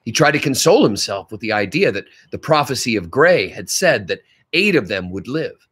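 A man's voice: medium pitch, sing-song, normal speed, a bit bright, husky. A male teacher reading a novel aloud to his class, stopping now and then to comment on the story.

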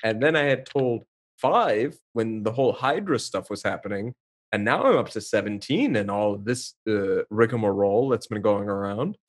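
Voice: mid-range voice, lively intonation, normal speed. A player in an online tabletop game, chatting in character and laughing often, with hesitant restarts. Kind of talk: casual tabletop game chat.

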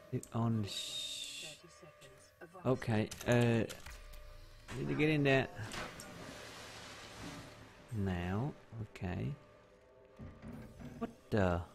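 Slow-talking gravelly man streaming a game. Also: medium pitch. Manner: talks to himself, exclaims and jokes, broken English. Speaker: gameplay streamer. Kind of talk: live game commentary. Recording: faint keyboard typing in background.

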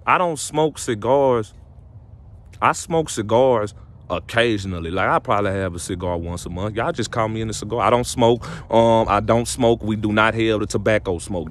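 Preachy young man talking to camera. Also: fairly low pitch. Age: young adult. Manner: preachy, repetitive, restarts phrases, rises to emphatic peaks. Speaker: vlogger giving relationship advice. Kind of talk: casual motivational talk to camera.

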